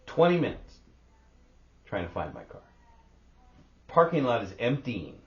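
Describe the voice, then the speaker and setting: A man's voice: medium pitch, unhurried. A middle-aged man co-hosting a podcast, telling a story in casual chat, swearing often and acting out sounds. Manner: animated, swears a lot, acts out sounds. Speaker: podcast co-host. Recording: roomy, dull lo-fi sound.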